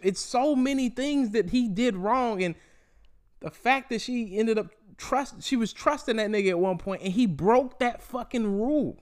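A young man hosting a solo podcast, ranting in a profane, animated way and mocking people in quoted voices. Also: high-pitched. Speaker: podcast host.

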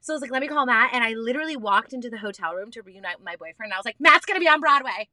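A young woman from Canada chatting casually with a friend, candid and excitable, swearing freely. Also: fairly high pitch, very fast, dry recording, clean studio sound. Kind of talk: casual chat.

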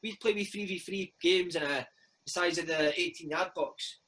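A Scottish man in his thirties, a former footballer telling animated stories in a casual interview chat, dropping "mate" into every other line. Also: high voice, normal speed, rough recording. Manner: animated storytelling, peppered with "mate". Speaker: former footballer and podcast host, interview guest.

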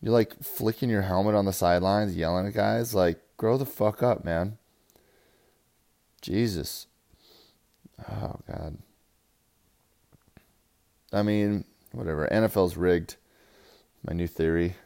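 Young man, low gravelly voice, crude rambling league recap. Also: slow pace, long pauses. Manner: crude, rambling, swings from loud hype to mumbling. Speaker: fantasy football league player. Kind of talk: profane casual recap.

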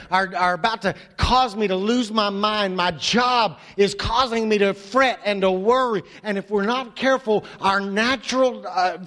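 A man preaching a sermon as pastor, impassioned, often repeating his words and swinging from low murmurs to high emphatic calls. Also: a bit bright. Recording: long hall reverb.

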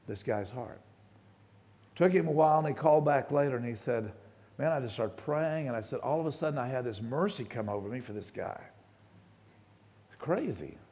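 A pastor giving a sermon, telling a story with plenty of quoted dialogue and halting restarts, his voice rising and dropping. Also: mid-range voice, darkish tone.

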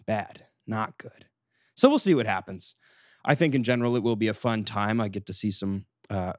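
A young man in his twenties hosting a solo podcast, chatty and self-mocking, running off on animated tangents into a studio microphone. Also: fairly low pitch, no echo. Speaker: podcast co-host.

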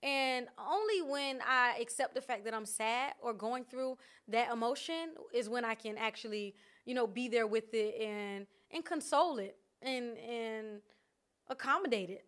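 A woman vlogger talking candidly and casually about her feelings, animated and laughing often. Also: fairly high pitch, measured pace. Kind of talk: casual reflective chat. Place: outdoors in nature.

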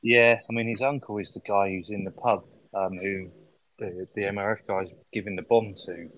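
A man's voice: fairly low pitch, fairly even intonation, normal speed, fairly bright tone, dry recording, rough recording. A man co-hosting a podcast, chatting casually about a film, recapping scenes and swearing freely. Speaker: podcast co-host.

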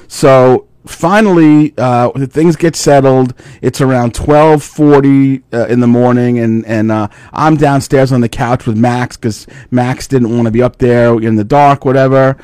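Rambling New podcast host. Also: male voice, medium pitch, steady tone, measured pace, hardly any pauses, darkish tone, smooth, dry recording. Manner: rambling storyteller, lots of fillers, swearing. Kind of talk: casual chat.

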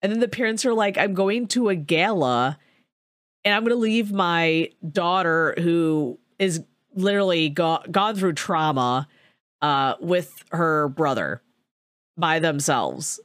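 A woman's voice: lowish voice, slow pace, no echo, studio quality. Casual profane woman recapping a film. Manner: profane, filler-heavy storytelling with animated quoted voices. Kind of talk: casual movie recap chat.

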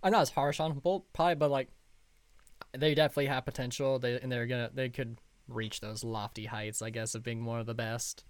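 A man with a mid-pitched voice chats as a podcast co-host, stumbling and restarting his sentences. His voice sounds dry and close, with no room around it. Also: steady tone, a little fast, clear, resonant tone, no room sound. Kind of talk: casual chat.

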